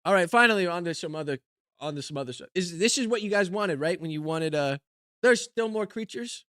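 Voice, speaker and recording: A male comedian working through viewer-submitted card decks, muttering and rambling to himself as he goes. His voice sits slightly high and sounds dry and close. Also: animated, fairly quick, a bit bright, dry recording. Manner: rambling, talks to himself while scanning cards. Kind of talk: casual comedic commentary.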